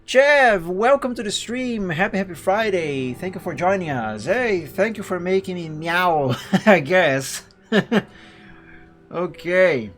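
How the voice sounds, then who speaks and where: A man on a live stream, reading a visual novel aloud and chatting with viewers in an animated way, often laughing. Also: high-pitched, a little slow. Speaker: game streamer. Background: faint game music.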